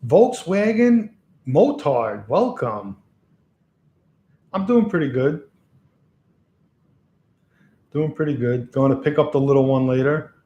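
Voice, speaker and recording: A man rambles casually into an XLR microphone set on a box, livestreaming from a lamp-lit room at home and chuckling often. His mellow, medium-pitched voice moves at a moderate pace with frequent pauses, and the audio sounds dull.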